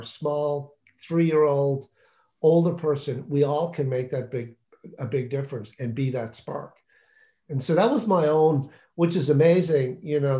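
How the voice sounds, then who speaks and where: A man's voice: medium pitch, dark tone. A man talking about his children's book in a casual interview, enthusiastic and rambling, often restarting his sentences.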